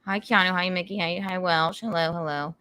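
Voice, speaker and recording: A woman's voice: fairly low pitch, steady tone, a little fast, pushed and bright, smooth. A woman hosting a casual podcast, playful and gushing, who keeps making puns. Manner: playful, punning, gushing about guests. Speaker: podcast host.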